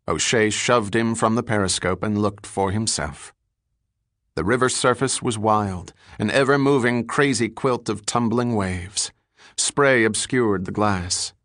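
A man reading an adventure novel aloud in measured, scripted narration. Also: on the low side, a bit bright, no echo, clean studio sound. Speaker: audiobook narrator.

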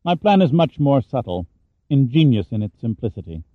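A man voicing a cold, scheming middle-aged villain in an audiobook, with a sneering, smug, measured delivery. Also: medium pitch, sing-song, no room sound, phone-quality sound. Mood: contemptuous. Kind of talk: audiobook character reading.

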